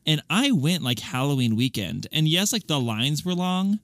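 A young man co-hosting a podcast in casual chat, speaking in an earnest, deliberate way with playful asides. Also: a little high, very animated, fairly bright tone, no echo. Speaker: podcast co-host.

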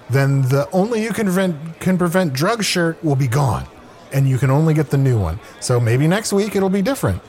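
Lively, animated man co-hosting a comedy podcast. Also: on the high side. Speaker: podcast co-host. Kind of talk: improvised comedy podcast banter.

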